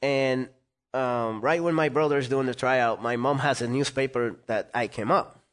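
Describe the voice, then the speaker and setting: Man telling a lively story. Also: mid-range voice, normal speed. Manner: animated, acts out quoted voices. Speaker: interview guest. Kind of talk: storytelling in conversation.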